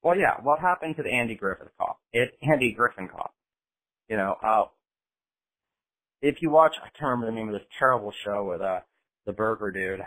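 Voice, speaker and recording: A man's voice: fairly low pitch, lively intonation, brisk, long pauses, fairly bright tone, rough recording. A man from the United States talking bluntly and with energy in a casual podcast conversation, swearing freely as he goes.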